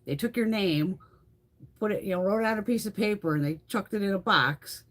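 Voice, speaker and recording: A woman's voice: medium pitch, a little fast. A middle-aged woman hosting a beauty livestream, chatting casually with viewers, laughing often and swearing freely.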